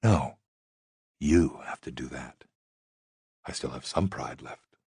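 A man's voice: extremely low pitch, slow, gravelly, a little mellow, slightly rough, dry recording, pitched below the performer's own voice, full character voice. A man doing a dry, teasing young woman. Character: dry-witted, self-assured young woman, a stripper.

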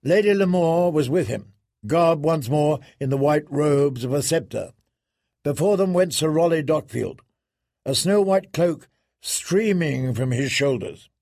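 A man narrating a fantasy audiobook in a measured, even storytelling manner. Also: a little high, no room sound, clean studio sound.

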